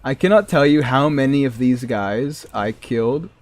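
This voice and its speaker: A man's voice: mid-range voice, lively intonation, moderate pace. A man streaming a modded game, chatting with his viewers and joking as he plays. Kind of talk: casual gameplay commentary.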